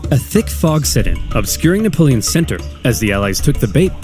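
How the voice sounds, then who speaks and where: A man giving scripted, comedic history narration with a brisk, punchy, dramatic delivery. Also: mid-range voice, big pitch swings, darkish tone, soft background music.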